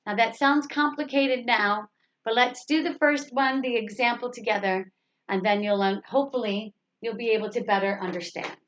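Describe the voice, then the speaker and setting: A woman's voice: fairly high pitch, steady tone, normal speed, a bit bright. A woman teaching an English grammar lesson, patiently repeating example sentences and asking rhetorical questions. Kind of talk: slow grammar lesson explanation. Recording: slightly dull lo-fi recording.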